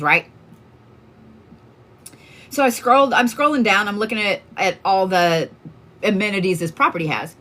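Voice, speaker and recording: A woman's voice: mid-range voice, lively intonation, moderate pace, long pauses, bright, forceful tone, slight background noise. A woman from Oklahoma, a tarot card reader chatting casually on a livestream, telling stories in a candid, profane way with lots of fillers.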